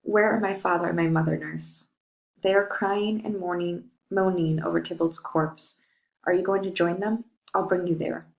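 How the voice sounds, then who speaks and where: A woman's voice: lowish voice, fairly even intonation, moderate pace, vocal fry. A woman reading the part of a grieving young bride in a plain, lightly dramatic way. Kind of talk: reading a modern-English play paraphrase. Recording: roomy echo.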